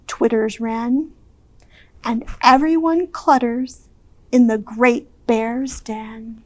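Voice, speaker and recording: A woman children's librarian reading a picture book aloud at storytime, expressive and drawn out, with hushed shushes. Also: on the high side, slow, no echo. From Ohio, US.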